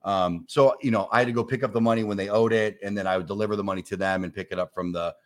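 Low-voiced comic telling a wild story. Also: male voice, very fast. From New York. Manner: animated storyteller acting out quoted voices, swears freely. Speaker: comedian guest. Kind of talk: casual storytelling chat.

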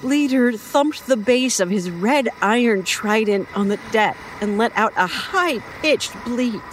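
A woman's voice: fairly high pitch, a little hiss or hum. Woman narrating a horror story. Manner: expressive, measured storytelling.

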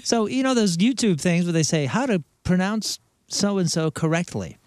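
A man's voice: sits high, animated, normal speed, a little mellow, smooth, no echo. A man from St. Louis co-hosting a radio show, chatting with playful enthusiasm. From St. Louis, United States. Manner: enthusiastic, playful, laughs often. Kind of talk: casual chat.

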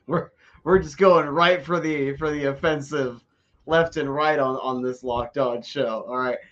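A man's voice: mid-range voice, steady tone, a little slow, fairly bright tone, dull audio. A man co-hosting a casual hockey podcast, chatty and self-deprecating, often stumbling over repeated words. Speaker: podcast co-host. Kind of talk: casual sports podcast chat.

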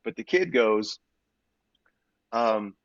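A man, an actor and guest in an interview, telling stories in an animated and expressive way with frequent restarts. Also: lowish voice, extremely slow, no echo. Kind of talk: conversational interview storytelling. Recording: slightly dull, dry audio.

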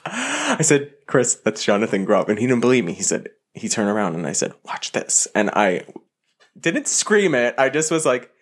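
A man co-hosting a podcast, chatting casually and telling an excited story. His voice has a mid pitch that swings widely up and down as he talks. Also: moderate pace. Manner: animated storytelling. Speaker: podcast co-host. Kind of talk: casual chat.

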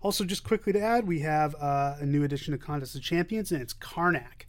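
A man hosting a podcast news roundup, talking in an upbeat, relaxed way with a few fillers. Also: on the high side, fairly quick. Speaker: podcast host.

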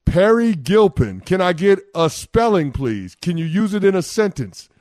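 Male sports radio co-host, lively pitch, dry close mic, playfully indignant. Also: moderate pace, no room sound. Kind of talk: casual sports radio banter.

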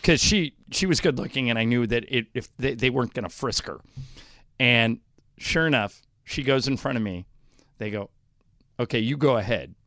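A middle-aged man hosting a radio show, telling stories and tossing out questions in a chatty, animated way. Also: medium pitch, normal speed, no echo, clean studio sound. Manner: chatty storyteller, animated asides. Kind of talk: casual talk radio banter.

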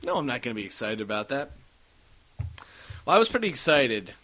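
Bright-voiced man telling rambling stories. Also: mid-range voice, sing-song, fairly quick. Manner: rambling storyteller, acts out quotes. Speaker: podcast host. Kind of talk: casual podcast chat.

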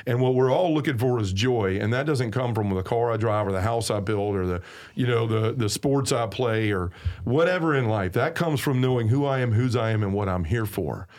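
A man with a Southern drawl tells his faith story on a talk show. He speaks earnestly and with emphasis, repeating the phrases he wants to land, in an ordinary mid-pitched voice. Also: normal speed, darkish tone. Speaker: podcast guest. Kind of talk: personal faith testimony in conversation.

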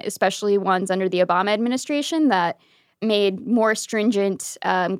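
A woman with a mid-range voice co-hosts a political podcast. She explains stories briskly, with wry asides. Her voice is close and dry. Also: mid-range voice, no echo. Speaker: podcast co-host and reporter. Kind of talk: casual political chat.

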